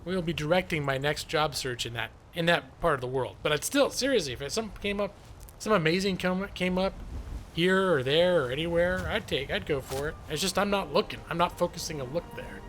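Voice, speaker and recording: A man's voice: on the high side, brisk, a bit bright, a little hiss or hum. A man chatting casually and joking at his own expense while streaming a video game live. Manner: chatty, joking, self-deprecating. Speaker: gaming streamer. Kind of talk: live gameplay commentary.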